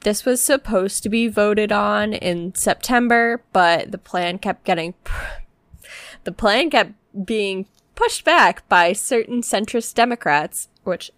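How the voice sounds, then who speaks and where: A woman's voice: mid-range voice, lively intonation, slow, fairly bright tone, clean tone, dry recording. Woman cohost reading news, kinda yawny and sorry-sounding, dry close mic. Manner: chatty, sleepy, apologetic. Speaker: podcast co-host. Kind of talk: casual chat.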